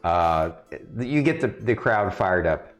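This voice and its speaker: A man narrating a tabletop game as game master, hunting for words with frequent restarts. His pitch swings about freely as he talks. Faint music sits behind him. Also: sing-song. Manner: halting, many restarts and fillers.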